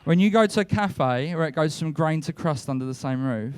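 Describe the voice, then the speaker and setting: A young man doing a stand-up comedy set on a club stage, telling his stories deadpan and breaking into shouted rants. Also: a little high, fast, hardly any pauses, a little hiss or hum. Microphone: handheld stage mic.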